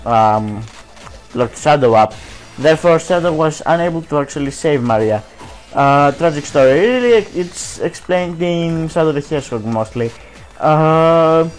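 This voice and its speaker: A man's voice: a little high, rough recording. A man reading on-screen game text aloud while casually commenting on his play, often hesitating and restarting.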